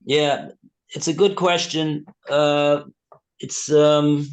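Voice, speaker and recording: Slow, halting rabbi, man. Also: fairly high pitch, little pitch movement. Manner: hesitant, many fillers and restarts. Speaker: rabbi teaching a text class. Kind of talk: slow text study, reading and translating.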